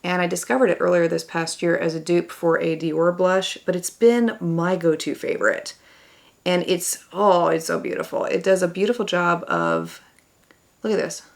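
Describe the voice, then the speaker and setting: Enthusiastic woman beauty vlogger walking through a makeup look, with a little vocal fry. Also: on the low side, animated, moderate pace. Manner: enthusiastic, exclaiming over products. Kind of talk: makeup tutorial talk to camera.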